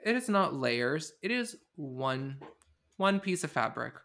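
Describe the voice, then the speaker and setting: A man hosting a podcast, telling the story in an animated, sarcastic way in casual comedic chat. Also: fairly high pitch, takes it slowly, gravelly. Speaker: podcast host.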